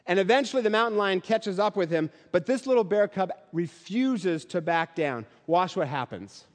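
A man's voice: high-pitched, animated, normal speed. Man preaching in an echoing hall. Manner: preaching with rhythmic, rising repetition. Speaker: pastor. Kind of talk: sermon. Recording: long hall reverb.

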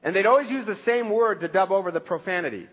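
High-voiced pastor in a reverberant hall. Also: male voice, animated, quick pace, a bit bright, husky, lo-fi sound. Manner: conversational preaching with humor. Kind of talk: sermon.

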